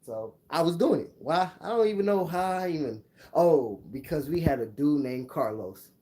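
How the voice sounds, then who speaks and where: A man's voice: on the high side, animated, normal speed, warm tone. A man casually telling a personal story on his channel, laid-back and full of slang. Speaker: vlogger.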